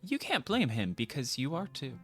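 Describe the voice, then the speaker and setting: A woman streamer reads on-screen game text aloud and breaks off into jokey, mock-dramatic asides. Her pitch swoops widely as she talks, and soft game music plays underneath. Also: big pitch swings, normal speed, breathy edge. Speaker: streamer playing a video game.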